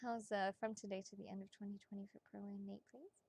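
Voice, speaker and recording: A woman giving psychic readings on a casual live stream, chatty and excitable, swearing freely and talking straight to her viewers. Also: medium pitch, fast, creaky, slightly rough.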